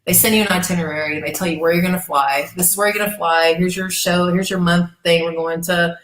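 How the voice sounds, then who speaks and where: Animated, profane woman telling stories. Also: on the low side, fast. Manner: animated, profane storyteller who acts out quoted voices. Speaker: interview guest. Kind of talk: casual storytelling interview. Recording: echoey room.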